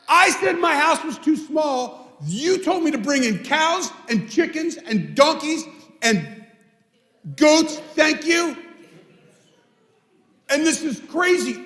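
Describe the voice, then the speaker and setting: Exasperated farmer, shouting his complaints, as a man puts him on; pitched up high with wild swings, ringing in a long hall echo. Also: full character voice. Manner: indignant and exasperated. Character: angry male farmer, fed up and shouting. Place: synagogue sanctuary. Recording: echoey hall.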